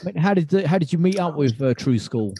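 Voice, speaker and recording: A man hosting a podcast, asking questions in a friendly, hesitant way with many pauses. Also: a little high, lively intonation, warm tone, breathy edge, no room sound. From Kent, England. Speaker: podcast host. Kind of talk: casual interview chat.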